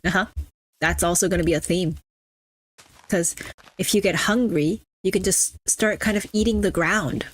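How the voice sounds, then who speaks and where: A woman's voice: fairly low pitch, normal speed, pauses often. A young adult woman streaming a game, chatting casually and teasing her chat with mock-snobby banter. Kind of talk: casual live-stream chatter while gaming.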